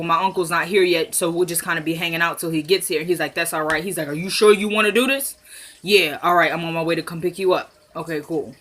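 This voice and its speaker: A woman chatting casually as she recaps a TV episode, retelling scenes with quick voiced quotes. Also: fairly low pitch, pushed and bright. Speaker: TV recap vlogger.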